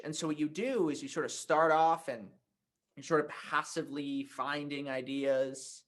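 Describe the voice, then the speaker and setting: A man teaching a writing workshop, telling a personal anecdote in a conversational, animated way. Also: on the high side. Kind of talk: workshop talk with storytelling.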